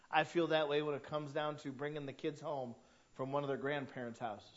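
A male pastor with a fairly high voice gives a conversational sermon that rises to emphatic, louder peaks. The recording is dull and lo-fi, with the top end muffled. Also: level tone, moderate pace.

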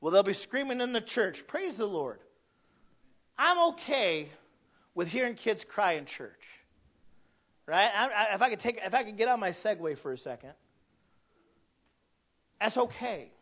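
A man in his thirties preaching a sermon as pastor, swinging from loud pleading to quiet asides. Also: sits high, sing-song, unhurried, long pauses, highs cut off.

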